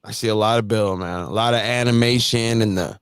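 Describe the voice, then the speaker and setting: A man hosting a casual livestream chat, animated and laughing often as he talks. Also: fairly low pitch, brisk, noisy background. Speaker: host.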